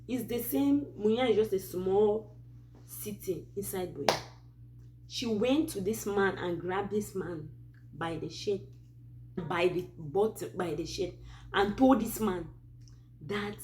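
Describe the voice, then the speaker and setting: A woman from Cameroon with a Cameroonian English accent, hosting a Christian advice channel and telling a true story in a casual, animated way with many asides. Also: mid-range voice, slow pace, long pauses, a little hiss or hum.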